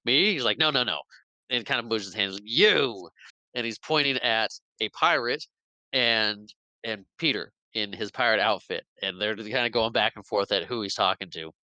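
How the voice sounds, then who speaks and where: Lively laughing male podcast host. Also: on the low side, no room sound, low-quality recording. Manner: animated, laughs often, acts out lines. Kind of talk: casual chat retelling a film.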